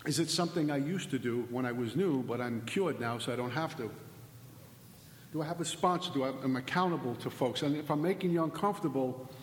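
A man's voice: mid-range voice, brisk, slight background noise. A middle-aged man giving an impassioned recovery talk, emphatic and preachy, driving points home with repeated phrases and rhetorical questions. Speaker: speaker at a recovery meeting. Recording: echoey hall with long reverb.

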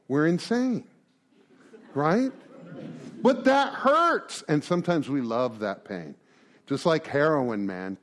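A middle-aged man giving an informal recovery group talk, acting out little conversations and tagging lines with "right?" and "man". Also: high-pitched. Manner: animated, acts out conversations, frequent "right?" and "man".

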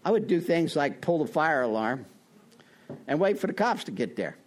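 A middle-aged man telling his own recovery story in a meeting, self-mocking, with sudden loud high bursts. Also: very animated, moderate pace. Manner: self-mocking, laughs at himself. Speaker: recovering alcoholic speaker.

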